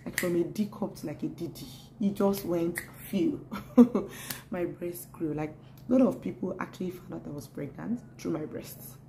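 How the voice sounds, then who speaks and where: A young adult woman chatting casually to camera in a vlog, animated and laughing often, repeating words as she talks. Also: fairly low pitch, normal speed, vocal fry, noisy background. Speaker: pregnancy vlogger.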